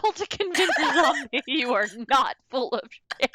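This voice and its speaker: A woman's voice: high voice, big pitch swings, moderate pace, pushed and bright, no room sound, poor audio. A woman running a tabletop game as game master, playful and laughing often.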